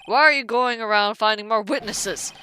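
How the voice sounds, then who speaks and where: A woman voicing an earnest, loyal male police detective from a game, folksy and loud as she reads his lines aloud. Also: fairly high pitch, moderate pace, a little hiss or hum. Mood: pleading. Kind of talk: reading game dialogue aloud.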